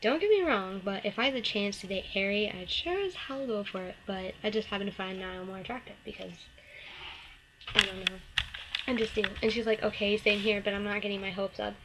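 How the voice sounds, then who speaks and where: A woman's voice: fairly quick, noisy background. Chatty teenage girl vlogging. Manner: chatty, lots of "like" and "um", acts out the other girl in a snippy higher voice. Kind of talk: casual storytelling to camera.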